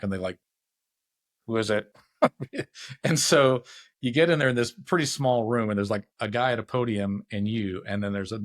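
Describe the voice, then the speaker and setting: A man's voice: on the low side, no room sound, studio quality. A man hosting a casual chat, a laid-back storyteller who acts out the people in his tales. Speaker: podcast host.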